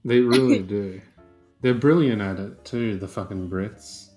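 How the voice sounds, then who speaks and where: A man's voice: on the low side, measured pace, darkish tone, soft background music. A man co-hosting a podcast, chatting casually with sarcastic, profane jokes. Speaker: podcast co-host. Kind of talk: casual chat.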